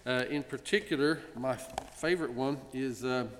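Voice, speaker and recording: In a synagogue sanctuary, the congregation's president, a man with a middle-pitched voice, gives a ceremonial presentation speech. He is warm, pausing often and slipping in gentle jokes. The large room adds a long reverb, with slight background noise.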